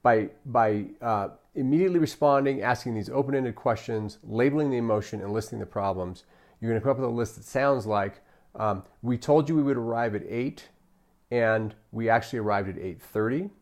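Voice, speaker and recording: A man's voice: medium pitch, brisk, darkish tone. A man giving a customer service training talk, often checking in with "right?" and acting out what customers and staff say. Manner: coaching, repeats "right?" often, acts out customer quotes. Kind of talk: training lecture.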